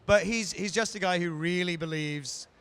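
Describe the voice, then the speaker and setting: A man from New Zealand with a New Zealand accent, an actor chatting playfully in a live interview, joking and often pausing with fillers. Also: high voice, a bit bright, clear, resonant tone. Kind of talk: casual chat at a live event.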